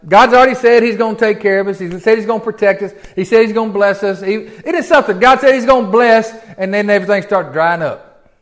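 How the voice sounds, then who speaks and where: A man preaching a verse-by-verse Bible sermon. His voice sits a bit high for a man. He keeps it folksy and chatty, checking in with the congregation through rhetorical questions. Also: fast. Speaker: pastor.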